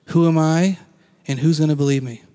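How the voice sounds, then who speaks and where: A man's voice: fairly high pitch, steady tone, fairly quick, warm tone, long reverb tail. A man giving a casual, conversational sermon as a pastor, acting out quoted lines and laughing now and then.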